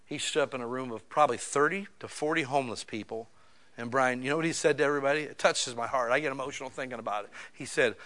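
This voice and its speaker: A man preaching a conversational sermon to his small church, swinging between loud emphatic bursts and quiet, intimate asides. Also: medium pitch, fast. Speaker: pastor.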